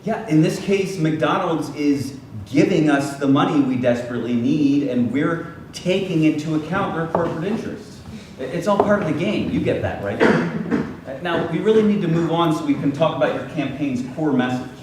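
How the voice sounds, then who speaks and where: A man playing a persuasive campaign consultant in a comedy sketch, smooth and cajoling. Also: on the high side, expressive, moderate pace, background noise. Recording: echoey room, distant mic.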